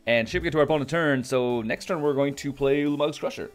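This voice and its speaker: A man's voice: medium pitch, fast talker, faint music behind. A man with a put-on Australian accent, chatting casually and thinking aloud as he comments on his own card game. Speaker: gameplay commentator.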